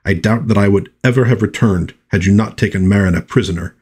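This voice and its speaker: A stern undersea prince, played by a man reading a comic aloud, speaking slowly and loftily. The voice is low and a little husky. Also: a little mellow. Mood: scornful.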